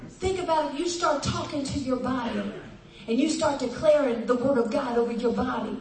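High-voiced woman preaching in an echoey church. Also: normal speed, a little mellow, distant mic. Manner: folksy storytelling with laughter. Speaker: pastor. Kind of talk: sermon. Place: church hall. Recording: echoey church hall from afar. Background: congregation responses.

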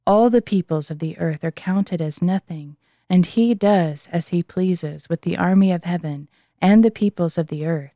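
Woman reading as an ancient king, low and mellow. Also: no echo, studio quality, close to an everyday voice. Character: proud ancient male king, humbled.

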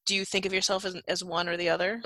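A woman hosting a casual interview, halting and searching for her words as she asks questions. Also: fairly low pitch, little pitch movement, bright, forceful tone, dry recording. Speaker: podcast host.

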